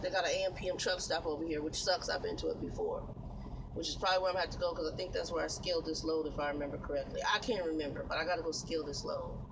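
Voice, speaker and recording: A man's voice: sits high, a little hiss or hum, low-quality recording. A man who drives trucks tells a long, exasperated, rambling story to his camera from his truck cab, laughing now and then. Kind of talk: casual vlog storytelling. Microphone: camera facing the speaker.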